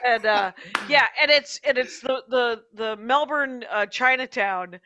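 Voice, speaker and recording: A woman's voice: on the high side, unhurried, sharp tone. A woman comedian guesting on a podcast, chatting casually with wry, self-deprecating asides.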